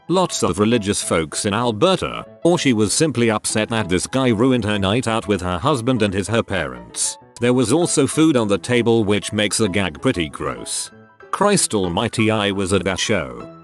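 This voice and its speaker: A man reading out comedy stories as a narrator, in a lively storytelling manner. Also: fairly low pitch. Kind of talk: scripted narration.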